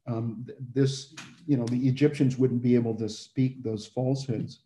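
Man, Bible teaching, casual, restarts and fillers, dark warm tone, roomy echo. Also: mid-range voice, fairly even intonation, normal speed. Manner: conversational, many fillers and restarts.

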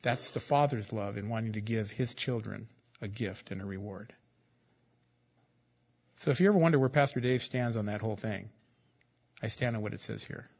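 A man's voice: on the low side, normal speed, gravelly, long pauses, darkish tone, husky, highs cut off. A man preaching a sermon as pastor, in a conversational, joking style that repeats key phrases.

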